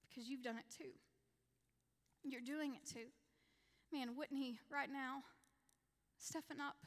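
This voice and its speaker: A woman's voice: high-pitched, a bit bright. A woman in her thirties giving an earnest personal testimony to a women's church gathering, repeating key lines for emphasis. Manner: earnest, repetitive, acts out her own prayers. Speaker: women's ministry leader and speaker. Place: church hall, women's evening. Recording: reverberant church hall.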